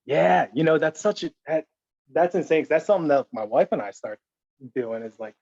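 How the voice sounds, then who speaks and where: A man hosting a podcast, responding in an affirming, animated way. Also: a little high, brisk, creaky, no echo, muffled recording. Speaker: podcast host. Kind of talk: casual podcast conversation.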